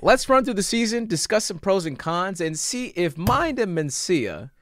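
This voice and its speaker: A man narrates a comedic video essay in a casual, sarcastic voice, swearing freely. His pitch sits a little high and moves around animatedly. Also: very animated, normal speed, fairly bright tone, no echo, studio quality. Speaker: YouTube comedy reviewer host.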